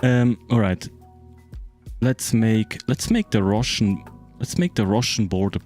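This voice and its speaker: With soft background music, a man speaks in a low-side, slightly slow, a little mellow voice. He's a game streamer from Germany, speaking German-accented as a native German speaker, casually explaining a map to friends amid fillers, swearing, and frequent "right?" checks.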